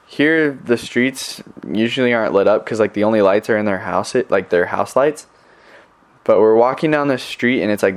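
A young man, a missionary, telling stories in a casual recorded message to his family, rambling with many fillers. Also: lowish voice. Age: young adult.

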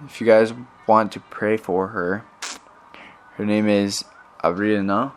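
A man's voice: fairly low pitch, steady tone, takes it slowly, soft background music. A young man, a missionary, telling stories in a casual recorded message to his family, rambling with many fillers. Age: young adult.

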